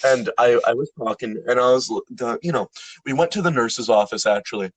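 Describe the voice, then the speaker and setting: A young man co-hosting a podcast, telling a story in casual banter, animated and swearing, acting out the people in it. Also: mid-range voice, fairly quick, dry recording. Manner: animated, swears a lot, acts out voices in anecdotes. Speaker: podcast co-host.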